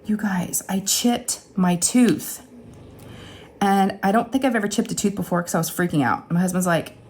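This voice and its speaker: A middle-aged woman telling a casual, chatty story straight to her viewers, animated and often acting out what people said. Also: mid-range voice, normal speed, slight background noise. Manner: chatty, animated retelling with acted-out quotes and laughs. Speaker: crafting channel host.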